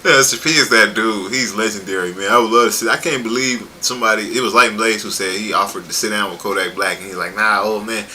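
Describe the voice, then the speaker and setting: A man's voice: fairly low pitch, fast talker, hardly any pauses, rough recording. A man hosting a casual panel chat over a video call, telling stories and laughing often. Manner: animated storyteller, laughs often. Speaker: panel host.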